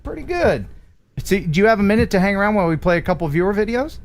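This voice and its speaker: A man's voice: sits high, racing. A man hosting a livestream, bantering and joking with his guests. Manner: jokey, playful banter. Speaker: livestream host. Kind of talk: casual chat.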